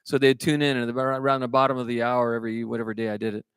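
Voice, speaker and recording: A man's voice: mid-range voice, flat delivery, racing, clean tone, dry recording, clean studio sound. A man from California who is a singer-songwriter, chatting and telling self-mocking jokes between songs at a live show. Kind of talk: stage banter and joke-telling between songs.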